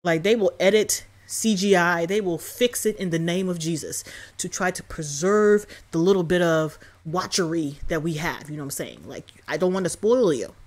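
A young woman talks through a TV episode in a loose, animated reaction style, full of slang and quick laughs. Her voice sits a little low for a woman. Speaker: YouTube reaction host. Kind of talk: casual reaction commentary.

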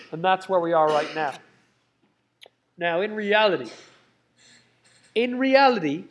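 A man's voice: on the high side, a little hiss or hum. A man giving a university lecture, repeating his key points, dropping in joking asides and checking in with "okay?". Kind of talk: live lecture.

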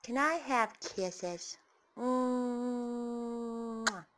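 Woman pet owner, slow sing-song baby talk with cooing and whispers, high and swooping voice. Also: animated, creaky. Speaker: pet owner talking to her bird.

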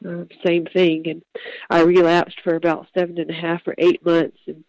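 A young woman tells her personal testimony. She speaks earnestly and haltingly, pausing and restarting as she goes. The sound is dry and close, with no room echo. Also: fairly low pitch, monotone, a little mellow, lo-fi sound. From Georgia, US. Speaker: guest telling her testimony.

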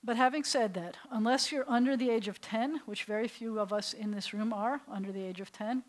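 A woman's voice: on the high side, brisk, rough recording. Rabbi teaching a class, storytelling woman. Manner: storytelling, asks the class questions. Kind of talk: classroom lecture to adult learners. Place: synagogue classroom.

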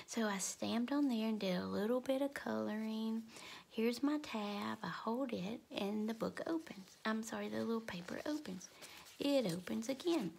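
A woman, talking in a soft half-whisper at home as she shows her craft work. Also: on the high side, normal speed, creaky, slight background noise. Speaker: craft vlogger. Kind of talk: crafting show-and-tell. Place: home, early morning.

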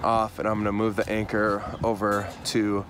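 A man's voice: lowish voice, completely flat delivery, normal speed. A man hosting a vlog with a groggy morning voice, explaining the day's work plainly outdoors on a farm. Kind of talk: casual vlog narration. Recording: noisy outdoor camera audio. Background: clear background noise.

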